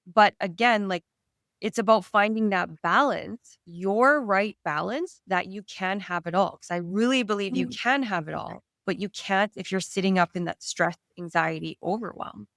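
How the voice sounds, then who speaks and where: A woman's voice: medium pitch, moderate pace, a bit bright, no room sound, clean studio sound. A woman from Canada, a stress and anxiety coach, talking earnestly in an interview and explaining with everyday examples. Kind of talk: conversational interview.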